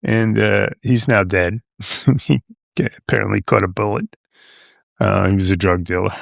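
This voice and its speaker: A man's voice: fairly low pitch, steady tone, normal speed, creaky, dry recording, studio quality. A man in his seventies from Long Island, telling a story as a podcast guest, rambling and dropping "you know" and "right?" all the way through. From Long Island, New York. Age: 70s. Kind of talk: casual storytelling.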